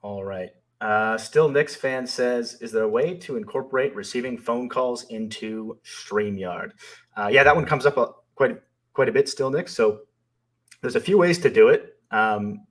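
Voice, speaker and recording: A man's voice: mid-range voice, normal speed, fairly bright tone. A man co-hosting a live stream, reading viewer questions aloud and answering them in a thoughtful, hesitant way with many fillers. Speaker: co-host and company founder.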